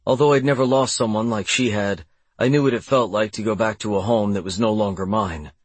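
A man with a husky voice narrating a first-person novel in a steady, measured way, recorded on a close studio mic. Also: on the low side, no echo. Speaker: audiobook narrator.

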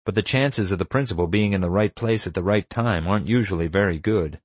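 A man's voice: low voice, a little fast, husky, dry recording. A man voicing a cool, capable teenage girl spy who speaks in a clipped, urgent way. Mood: dry.

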